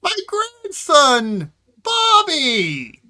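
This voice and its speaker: A man voicing a very old bearded fisherman who is confused and cranky, shouting in a high quavering voice. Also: huge pitch swings, very slow, heavily acted. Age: older.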